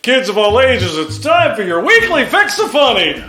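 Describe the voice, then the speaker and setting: A drunk, brash house announcer, as a man puts him on for a podcast intro, high-pitched and swinging wildly up and down as he drawls through the hype. The sound is roomy, with music playing behind him. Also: sing-song, moderate pace, sharp tone, full character voice. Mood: rowdy hype. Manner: boisterous, slurring, over-the-top hype. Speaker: show announcer.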